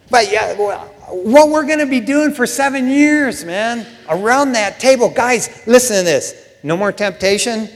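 A man preaching a sermon in a casual, joking way, often saying "man", swinging between hushed asides and loud bursts. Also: extremely high pitch, expressive, a little slow, hardly any pauses. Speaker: pastor. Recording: long hall reverb.

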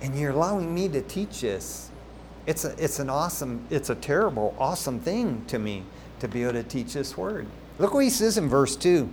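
A man preaching a sermon as pastor, telling stories in a lively, conversational way with asides to the congregation. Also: on the high side, normal speed, a little hiss or hum.

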